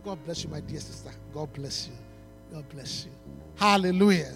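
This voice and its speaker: Man, pastor at a church appeal, high voice, pleading, stammering restarts. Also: moderate pace, a bit bright, soft background music. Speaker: pastor launching a book.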